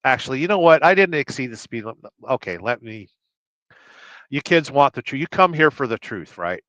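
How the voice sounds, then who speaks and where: A man's voice: medium pitch, very animated, fairly quick, a bit bright, no echo. A man hosting a casual livestream, rambling and joking while he reads out viewer comments. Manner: rambling, joking, reads chat names aloud. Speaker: livestream host. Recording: dull, dry sound.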